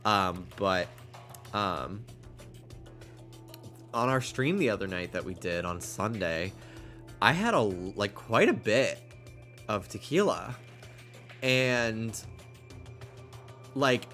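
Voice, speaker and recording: A man's voice: fairly low pitch, a bit bright. A young man streaming a game, chatting casually and rambling with lots of fillers, reading game text aloud, with game music behind. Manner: rambling, many likes and ums, reads game text aloud. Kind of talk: game let's play with casual chat.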